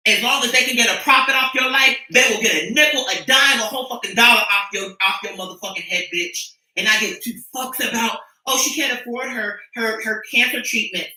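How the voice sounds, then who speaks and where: A woman's voice: fairly high pitch, a little fast, few pauses, sharp tone, far from the mic. Preachy woman livestreamer, fervent and foul-mouthed, recorded off-mic in an echoey room. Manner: fervent, profane, preachy ranting. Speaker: streamer addressing her followers. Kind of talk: impassioned livestream monologue.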